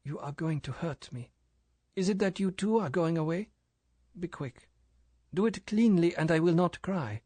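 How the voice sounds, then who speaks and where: A male narrator voicing a proud, wounded young woman who speaks in a low, tense voice. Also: lively intonation, normal speed, dark tone, no room sound. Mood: pleading. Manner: tense, low voice with foreign phrasing.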